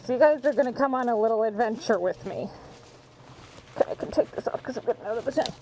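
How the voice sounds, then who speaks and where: A woman's voice: a little high, lively intonation, fast, mellow, slight background noise, rough recording. Bubbly, chatty woman streaming from home. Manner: bubbly, chatty, swears casually, playful. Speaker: streamer and voice actress. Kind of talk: casual live-stream chat. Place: home, in a pouring tent and around the house. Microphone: wireless mic on a receiver.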